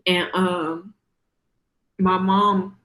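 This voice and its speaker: A young woman giving a personal testimony in a church, telling her story in a casual, hesitant way with many fillers and a soft, heartfelt tone. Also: on the low side, level tone, drawn-out words, echoey room, rough recording.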